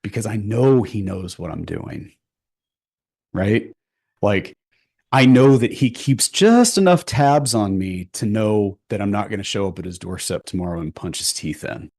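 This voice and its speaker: A man, a podcast guest telling candid personal stories in a blunt, profane, animated way, often checking in with "right?". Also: fairly low pitch, unhurried, vocal fry. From Houston, Texas. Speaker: podcast guest, photographer and realtor. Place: podcast studio.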